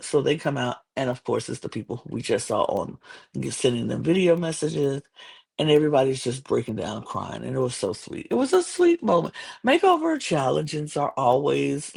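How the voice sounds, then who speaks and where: A woman's voice: a bass voice, expressive, a little slow, gravelly, darkish tone, slightly rough. A woman hosting a podcast, chatting casually through a show recap with many fillers and restarts. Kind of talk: casual chat.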